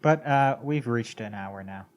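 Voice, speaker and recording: A man's voice: medium pitch, unhurried. Dry, sarcastic man. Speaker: podcast co-host. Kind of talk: casual chat.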